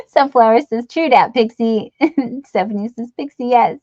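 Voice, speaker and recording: A woman's voice: on the high side, sing-song, unhurried, a little mellow, dry recording, muffled recording. A middle-aged woman hosting a late-night live stream, chatting and reading out comments in a rambling, giggly, affectionate way with lots of fillers. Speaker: livestream host.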